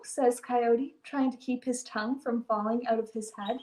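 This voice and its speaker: A woman reads a picture book aloud in a high, gentle voice. She takes her time over each line. Her voice carries a roomy echo. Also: steady tone. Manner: gentle, deliberate storytelling. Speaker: librarian storyteller.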